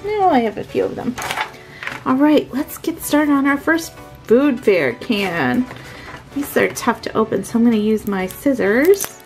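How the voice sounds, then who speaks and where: A woman's voice: a little high, expressive, a little slow, soft background music, rough recording. Sweet, gushing woman unboxing toys. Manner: gushing, sweet, sing-song. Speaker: toy unboxing host. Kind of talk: toy unboxing narration.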